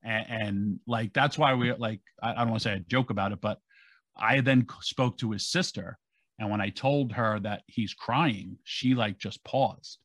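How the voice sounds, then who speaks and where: A man's voice: fairly low pitch, moderate pace, dry recording. A man, a podcast co-host, retelling a story in casual chat and acting out what people said. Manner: animated, acting out quotes.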